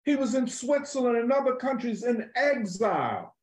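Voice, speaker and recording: A man speaks in a high voice about politics, animated and emphatic. His speech is loose, full of slang and swearing. The sound is roomy, with a lot of echo. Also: moderate pace. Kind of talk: political conversation.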